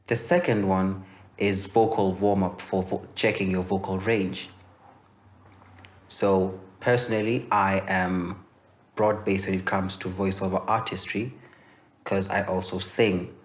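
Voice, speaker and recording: A young man from Kenya teaching voice-over in a relaxed, explanatory way, with many fillers and restarts. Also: deep voice, measured pace. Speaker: voice-over coach. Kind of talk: instructional masterclass.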